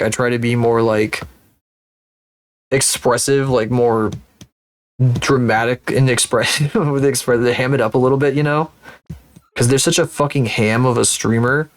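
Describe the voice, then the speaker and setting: Rambling, foul-mouthed male streamer. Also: mid-range voice. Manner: rambling, profane, self-mocking. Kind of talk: casual live-stream chat while working.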